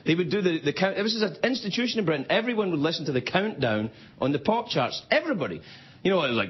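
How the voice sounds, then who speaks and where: A middle-aged Scottish man hosts a late-night show, telling rambling, self-mocking stories in a comedy monologue before a live studio audience. The TV recording is dull with loud audience noise, and his voice is a little high, sing-song, and quick with a breathy edge.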